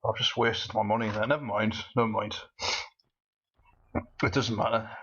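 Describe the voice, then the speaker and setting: A man's voice: on the low side, steady tone, moderate pace, bright, forceful tone, muffled recording, a little hiss or hum. A man doing casual gameplay commentary with a cold, rambling in a manic way and laughing often. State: has a cold. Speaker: let's play commentator.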